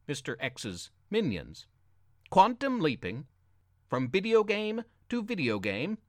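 A man reading a children's adventure story aloud with expressive, dramatic narration. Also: on the high side, slow pace, no echo, studio quality.

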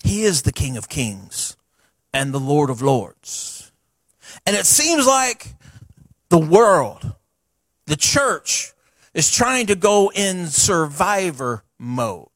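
A middle-aged male pastor delivers a sermon in a folksy, animated style, slipping into chatty asides. His voice sits high for a man. The sound is dry and close, with little room echo. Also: takes it slowly. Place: church sanctuary.

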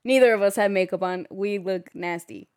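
A woman's voice: mid-range voice, normal speed, a little mellow, no echo, clean studio sound. A young adult woman, a guest in casual podcast chat, talking candidly and often saying "like". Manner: candid, chatty, fond of "like".

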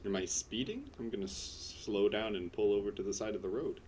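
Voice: low-pitched, brisk, a little mellow, breathy edge. A player in a tabletop game, joking around playfully. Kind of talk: casual tabletop play.

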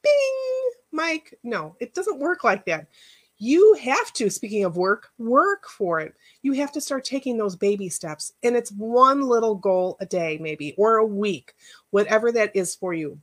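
A woman's voice: mid-range voice, expressive, unhurried. A middle-aged woman, a life coach, giving a casual workshop talk in a chatty, personal storytelling way with rambling asides.

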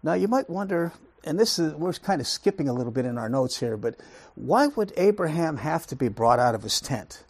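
Husky, lively-voiced man teaching Scripture. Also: a little high, a little fast, dry recording. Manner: emphatic, rhetorical questions, repeats words for stress. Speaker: Bible teacher. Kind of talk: Bible study lesson.

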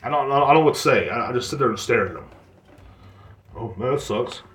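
A man's voice: medium pitch, animated, fairly quick, a bit bright, roomy sound. A young man hosting his own podcast, ranting in a profane, exasperated way and mocking other people in put-on voices. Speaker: podcast host. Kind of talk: solo ranting monologue.

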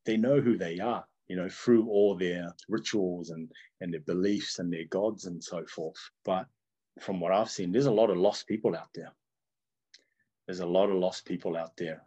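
A man's voice: low voice, slightly rough. A middle-aged man from Tonga, telling his life story in an earnest, reflective way and often chuckling as he remembers. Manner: earnest, animated, chuckles often while recalling.

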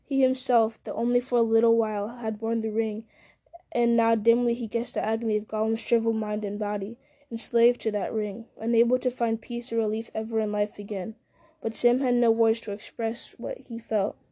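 Mellow-voiced woman reading a story aloud. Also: fairly high pitch, little pitch movement. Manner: measured, with occasional slips and restarts. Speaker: reader. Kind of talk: audiobook-style story reading.

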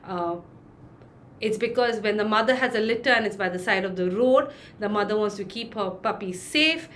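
A woman's voice: mid-range voice, normal speed, fairly bright tone, slight background noise. A woman, a dog trainer answering interview questions and acting out little examples as she explains. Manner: explains with acted-out examples, many fillers.

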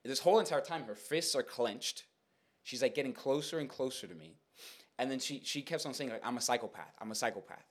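A young man recounts a story on a casual podcast, his pitch swinging widely as he goes. He rambles and restarts with many fillers, animated and chatty. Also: brisk. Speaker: podcast host.

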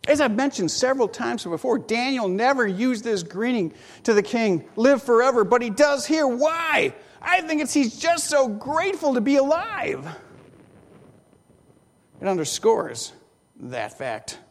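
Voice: mid-range voice, measured pace. A preacher tells a story from the pulpit, the voice swinging widely up and down between rhetorical questions and dry jokes. The sound carries a long reverb, as in a large sanctuary. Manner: animated storytelling with rhetorical questions and wry asides. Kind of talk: sermon.

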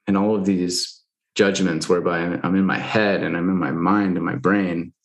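Man, very low voice, casual talk, candid, filler-heavy, swears now and then. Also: little pitch movement, moderate pace, vocal fry. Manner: loose and candid, many fillers, swears freely. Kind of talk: casual conversation.

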